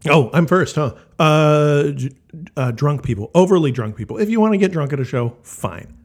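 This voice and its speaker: A man's voice: a little high, lively intonation, normal speed. A man co-hosting a podcast in casual chat, laughing often and trailing off into restarts. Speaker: podcast co-host.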